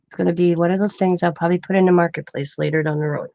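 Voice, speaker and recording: Gravelly chatty woman telling a story. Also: lowish voice, fairly even intonation, very fast, warm tone. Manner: chatty storytelling, acting out quoted lines; laughs often mid-sentence. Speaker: craft vlogger. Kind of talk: casual chat. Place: home.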